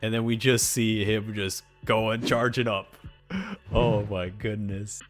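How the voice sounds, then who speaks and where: A man hosting a reaction video, reading a manga aloud with excitable casual commentary. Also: on the low side, a little slow, soft background music. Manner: excitable, reads dialogue aloud, frequent laughs.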